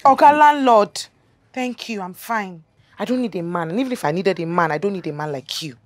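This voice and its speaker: An actress playing a timid young cleaner with a Nigerian accent, apologetic and pleading in a film drama. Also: female voice, on the low side, natural voice. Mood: weary. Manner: pleading, apologetic, fast rushed phrases. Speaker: office cleaner.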